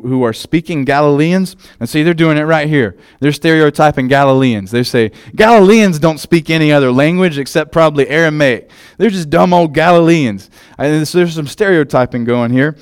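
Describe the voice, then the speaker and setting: A man's voice: fairly high pitch, a little mellow, clean tone. A man preaching a sermon in a conversational way, with many fillers and restarts.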